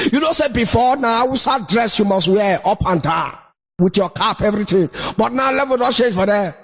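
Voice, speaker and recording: High-pitched Nigerian man telling comic stories. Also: normal speed, creaky, slightly rough. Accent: Nigerian Pidgin English. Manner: animated, laughing, shouting punchlines. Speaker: stand-up comedian. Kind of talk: stand-up comedy storytelling. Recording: noisy recording.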